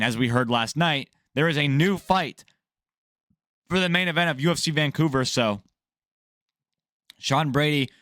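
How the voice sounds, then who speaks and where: A man's voice: fairly high pitch, bright, forceful tone, dry recording, clean studio sound. A man hosting a sports news vlog, ranting casually in a blunt, jokey, profane way. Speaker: MMA news vlogger.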